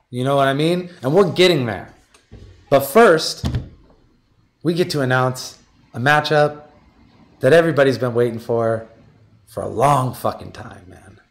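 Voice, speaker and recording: A man hosting a battle rap league stream, high, talking in a profane, animated rant and making a matchup announcement. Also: unhurried, a little hiss or hum. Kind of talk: live-stream talk and announcement.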